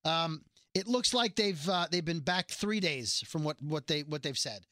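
A man hosting a casual podcast from a radio studio, telling stories in a lively, chatty way. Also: a little high, unhurried, no room sound. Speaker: radio morning-show host, podcast host.

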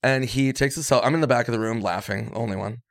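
Man, casual storyteller, acts out quotes, dry close mic, mid pitch. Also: fast, no echo. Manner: animated storyteller acting out quotes. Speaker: guest comedian.

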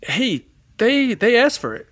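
An improv actor playing a weary children's party entertainer who coaxes the kids along. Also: male voice, very high-pitched, big pitch swings, a little slow, fairly bright tone, no echo, exaggerated voice. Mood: defensive. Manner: coaxing kid-party patter.

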